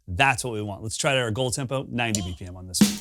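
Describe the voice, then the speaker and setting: A man's voice: fairly low pitch, very fast, loud music behind the voice. Upbeat man counting drum beats aloud. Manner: upbeat, self-mocking. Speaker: drum teacher. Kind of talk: instructional drum lesson.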